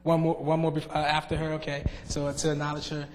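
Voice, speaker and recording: Young man with filler-heavy halting speech. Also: fairly high pitch, completely flat delivery, slight background noise. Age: young adult. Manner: halting, many fillers and restarts. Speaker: outgoing student board member. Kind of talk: farewell speech at a public meeting. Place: school board meeting room. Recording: long reverb in a meeting hall.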